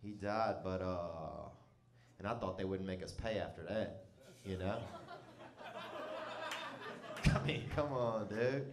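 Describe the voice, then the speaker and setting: A man's voice: sits low, slow, long pauses, echoey room. A man telling a comic story in a loose, rambling, profane way, often breaking into laughter. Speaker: comedian.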